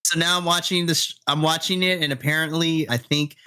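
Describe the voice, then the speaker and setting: A man co-hosting a podcast over a home internet call, chatting in a sassy, animated way and laughing often. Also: a little high, brisk, smooth. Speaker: podcast co-host. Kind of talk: casual live-reaction chat.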